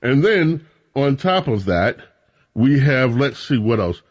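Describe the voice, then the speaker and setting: A man's voice: mid-range voice, very animated, slow pace, muffled recording. A man hosting a weekend radio talk show, chatting and joking with a co-host and often restarting his sentences. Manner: chatty, jokey, stumbles and restarts. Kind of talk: casual radio banter.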